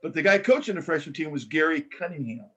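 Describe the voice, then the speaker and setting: An older man, a former coach, telling stories in a casual interview, animated and full of restarts. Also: on the high side, fast talker, breathy edge, poor audio. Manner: animated storyteller with many restarts.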